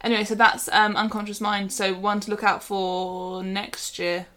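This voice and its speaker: A woman's voice: medium pitch, level tone, moderate pace, fairly bright tone. A woman co-hosting a podcast in casual, teasing chat, laughing easily. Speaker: podcast co-host.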